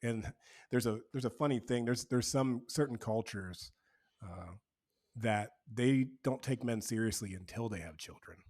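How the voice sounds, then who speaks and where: Earnest, relaxed man talking casually. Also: medium pitch, unhurried. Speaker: podcast guest, men's community co-founder. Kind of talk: casual conversation.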